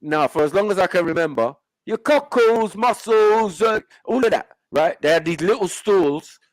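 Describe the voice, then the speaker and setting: A man from London hosts a loose live panel, pressing his points, then dropping to quiet murmurs. His voice sits a little high. The sound is dry and close. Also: fairly quick, no room sound. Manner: emphatic, drops to low murmurs, frequent "you know what I mean". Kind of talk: casual live panel chat.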